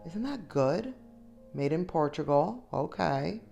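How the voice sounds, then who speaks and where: A woman's voice: deep voice, lively intonation, slow, gravelly, warm tone, muffled recording, soft background music. A middle-aged woman chatting enthusiastically to viewers as she shops, talking to them directly. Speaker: shopping vlogger. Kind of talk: casual shop-with-me voice-over.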